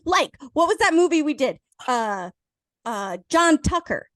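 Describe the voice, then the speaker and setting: A woman's voice: high-pitched, sing-song, measured pace, a bit bright, dry recording. A woman co-hosting a casual movie review chat, teasing, laughing often and arguing back. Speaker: podcast co-host.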